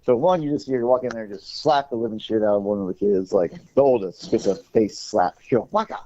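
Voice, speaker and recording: A man with a mellow, dark tone rambles bluntly through a casual podcast chat, swearing freely. The recording sounds dull and lo-fi. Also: fairly low pitch, quick pace, slight background noise. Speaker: podcast co-host.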